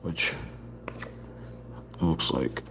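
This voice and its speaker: With drawn-out words and noise in the background, a man talks himself through building a wooden model kit on a live stream. He casually mutters each step while working with small parts.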